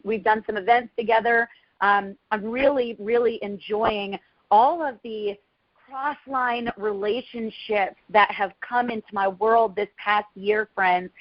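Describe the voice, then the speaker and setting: A woman's voice: on the high side, dry recording, dull audio. A woman in her thirties from Texas, giving an effusive motivational talk on a team call, with lots of fillers. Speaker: guest speaker.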